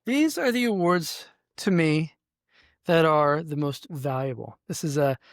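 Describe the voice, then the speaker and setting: A middle-aged man talks earnestly about business, leaning into his stories with emphasis. His voice sits a little high for a man. The sound is dry and close, with no room echo. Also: expressive, measured pace. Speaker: podcast host. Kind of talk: motivational business talk. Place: his office.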